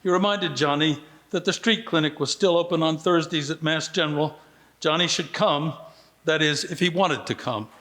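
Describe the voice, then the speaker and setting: A man reading aloud from his own book at a literary festival, measured and steady, with quoted lines given brief lively voicing. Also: on the high side. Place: festival venue.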